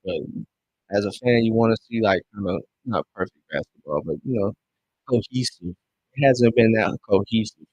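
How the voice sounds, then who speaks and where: A young man streaming a basketball watch-along, chatting casually in slang and breaking into loud yelling over referee calls. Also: lowish voice, moderate pace, muffled recording. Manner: excitable fan commentary, bursts into loud yelling at calls; casual slang, calls listeners bro and dog. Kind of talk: live game watch-along commentary.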